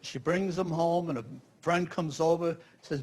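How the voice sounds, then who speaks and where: A man telling a joke, acting out the quoted women's voices in a higher register. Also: steady tone, a little slow, a little mellow, husky.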